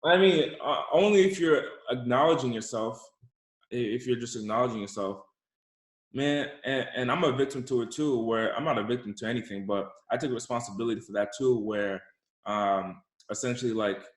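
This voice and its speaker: A young adult man, an entrepreneur guest, gives a motivational account in an interview, sounding emphatic and repeating words as he builds his point. His voice is mid-range at normal speed, and the recording has a roomy echo.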